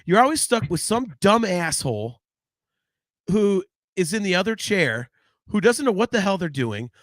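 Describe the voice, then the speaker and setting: A man hosting a casual podcast chat, animated and rambling, swearing freely into a close microphone. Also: sits high, normal speed, no echo. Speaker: podcast host.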